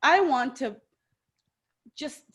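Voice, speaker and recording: A woman co-hosting a casual wrestling podcast, animated and playful, jumping between sighs and excited outbursts. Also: high-pitched, drawn-out words, slightly rough, lo-fi sound. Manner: animated, playful, swings into mock voices. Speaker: podcast co-host. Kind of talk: casual chat.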